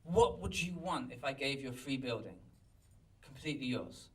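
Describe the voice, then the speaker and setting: A pastor telling a story in a sermon, animated and self-mocking, recorded in a church. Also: male voice, mid-range voice, moderate pace, distant mic, low-quality recording. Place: church hall.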